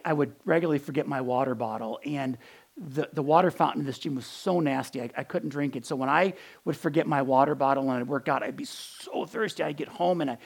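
A middle-aged man giving a sermon in an earnest, conversational way, often repeating words as he restarts and going soft on quotes. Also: fairly high pitch, vocal fry. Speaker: pastor.

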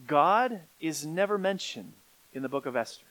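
A middle-aged man preaching a sermon, swinging from quiet, low stretches up to emphatic peaks. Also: expressive, normal speed, rough recording. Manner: rising to emphatic peaks, then dropping quiet. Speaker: pastor.

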